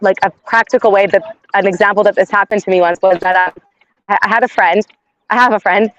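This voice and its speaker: A woman's voice: mid-range voice, fairly even intonation, fast talker, fairly bright tone, no room sound, dull audio. A woman giving an inspirational class in a conversational way, often adding "like" and "right?". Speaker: class teacher.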